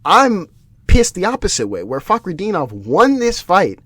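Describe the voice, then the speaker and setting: Animated, exasperated man ranting. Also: sits high, normal speed, no echo. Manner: animated, exasperated ranting with frequent restarts and swearing. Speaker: podcast host. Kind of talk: solo MMA podcast commentary.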